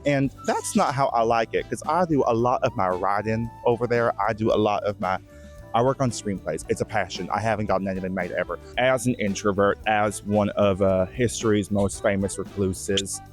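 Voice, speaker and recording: A man playing a vain, shy, emotional Bigfoot who gives a rambling, earnest tour of his forest home, with halting restarts, in a mock-documentary comedy. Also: lowish voice, faint music behind, lightly acted. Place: outdoors in woods.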